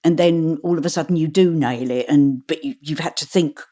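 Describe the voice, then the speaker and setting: A middle-aged woman, an audiobook narrator, talking in an interview in a chatty, animated way and laughing often. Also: low voice, brisk. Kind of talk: interview conversation.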